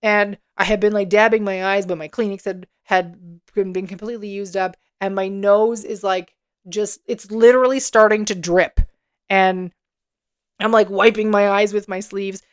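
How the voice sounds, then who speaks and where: A woman's voice: mid-range voice, fairly even intonation, normal speed, clean tone. A woman hosting an unscripted solo podcast. She talks candidly and emphatically, swears freely and often breaks into laughter. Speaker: podcast host.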